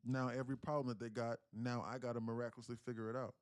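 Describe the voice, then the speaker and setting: A man's voice: medium pitch, level tone, very fast, no echo. A man in his thirties telling a profane, emphatic story on a day trading livestream, with frequent restarts.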